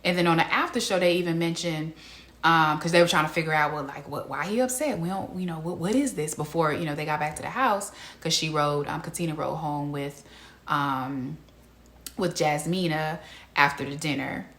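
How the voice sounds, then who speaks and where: Animated woman recapping, echoey room. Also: sits low, normal speed. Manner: animated, incredulous, talks to viewers as "y'all"; laughs often mid-sentence. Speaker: reality TV recap host. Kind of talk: casual recap commentary.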